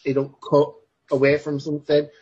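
Husky man, dull lo-fi sound. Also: a little high, monotone, moderate pace, darkish tone. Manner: enthusiastic, rambling with restarts. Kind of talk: casual film discussion.

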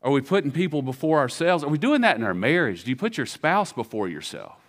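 A man with a Southern American accent preaching a sermon as pastor, acting out biblical dialogue in a casual, animated way. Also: mid-range voice, fast.

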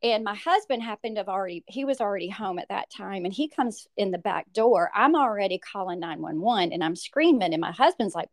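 Middle-aged woman guest, emotional storytelling voice, mid pitch, halting and animated. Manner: animated, acts out quoted voices, halting with fillers. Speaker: bereaved mother, guest.

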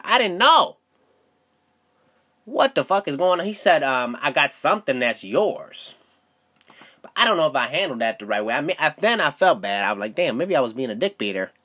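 Young male podcast host, loose and profane, very animated delivery. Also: fairly high pitch. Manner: loose, profane storytelling with lots of fillers. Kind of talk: casual solo podcast monologue.

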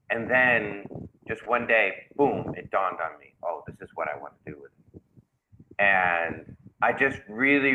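Bright-voiced man chatting on a call. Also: sits low, muffled recording, slight background noise. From New York. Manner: halting, many restarts, laughs easily. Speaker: guest author. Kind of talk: casual podcast chat. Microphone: video call.

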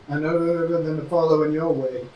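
A man runs a tabletop role-playing session, relaxed and amused, slipping in and out of character. His voice sits a little high and sounds distant from the mic. The room is echoey with steady background noise. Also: lo-fi sound. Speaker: game master. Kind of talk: running a tabletop game, partly in character.

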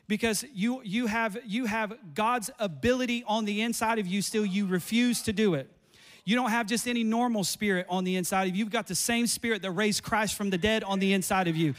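A man preaching a fiery sermon, repeating lines and building up to shouts. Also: high-pitched, fast.

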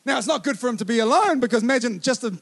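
A man preaching a sermon with fervent, repeated calls of "come on", swinging between loud urgent bursts and quiet slow lines. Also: very high voice, lively intonation, gravelly.

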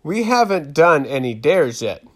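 A man's voice: on the high side, sing-song, a little slow, pitched above the performer's own voice. A man voicing Charlotte, a curious, probing middle-school girl.

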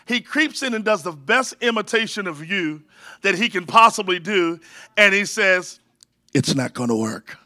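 High-voiced, bright, energetic male preacher. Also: moderate pace, no room sound, clean studio sound. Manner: energetic preaching, call-and-response with the congregation; jokey asides to the crowd. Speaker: pastor. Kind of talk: sermon.

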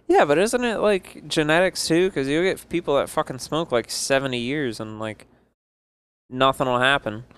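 A man's voice: on the high side, moderate pace, fairly bright tone, smooth. A man in casual podcast chat, teasing his cohost and swearing freely.

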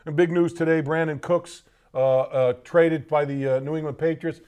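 A man hosting a sports talk show in a loose, halting way, with many fillers and restarts. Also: on the high side, fairly even intonation, a little mellow, clean tone. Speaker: host.

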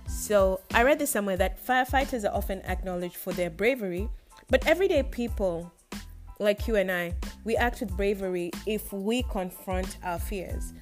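A woman's voice: mid-range voice, darkish tone. Playful, chatty woman podcast host. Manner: playful, chatty, laughs at her own jokes. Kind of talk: casual solo podcast talk.

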